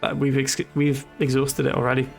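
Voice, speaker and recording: A man's voice: medium pitch, completely flat delivery, fairly quick, gravelly. A Welsh man from Wales streaming a game, rambling and joking in casual commentary. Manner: rambling, jokey banter. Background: game music.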